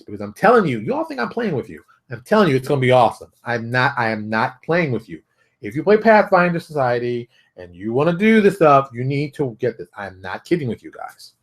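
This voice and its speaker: Middle-aged male host, rapid rant-style monologue, emphatic, mid-pitched. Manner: emphatic, rants, repeats phrases, acts out quotes. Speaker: host of a daily tabletop games industry show. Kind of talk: casual solo monologue.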